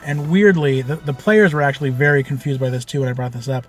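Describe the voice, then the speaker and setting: A man telling the story of a tabletop game he ran as game master, in a loose, animated way with lots of fillers and casual swearing. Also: medium pitch, fast, faint music behind.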